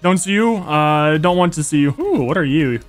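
A young man giving excitable, gushing Let's Play commentary, yelping when enemies appear. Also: on the high side, normal speed, faint music behind. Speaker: gaming YouTuber.

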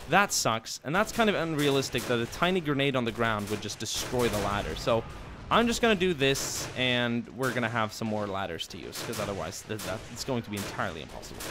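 A young man giving live commentary on a strategy war game, yelling and swearing at his troops one moment and muttering quietly the next. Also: mid-range voice, slight background noise. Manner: excitable, swears and yells at his units, drops to quiet mutters. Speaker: gameplay commentator.

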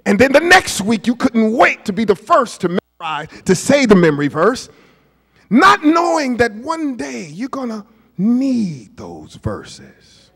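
A man in his fifties preaching a sermon, putting questions to the congregation and swinging from hushed asides to shouts. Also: extremely high pitch, huge pitch swings, measured pace, husky. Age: 50s. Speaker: pastor. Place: church sanctuary. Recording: church hall reverb.

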